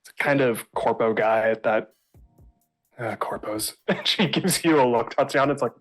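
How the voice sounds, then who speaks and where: A man narrating as game master of a tabletop game, in relaxed, chatty talk. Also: mid-range voice, normal speed. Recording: faint music behind.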